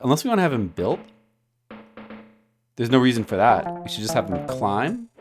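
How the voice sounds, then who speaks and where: A man's voice: medium pitch, wildly swooping pitch, normal speed, music in the background. A man live-streaming a retro puzzle game, chatting playfully and rambling to a viewer while he plays. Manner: playful, rambling, jokingly addresses a viewer by name.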